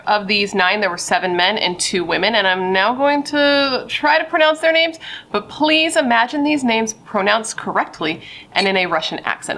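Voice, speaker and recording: A woman's voice: medium pitch, sharp tone. A woman hosting a true crime video, telling the story in a chatty, playful, self-deprecating way over a casual drink.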